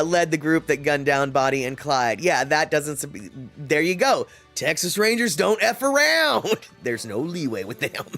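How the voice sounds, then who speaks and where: Guy hosting a livestream, kinda high voice, laughs a lot while chatting, faint music behind. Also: a bit bright. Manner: chatty and laughing often, reads comments aloud. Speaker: livestream host. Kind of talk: casual livestream chat reading viewer comments.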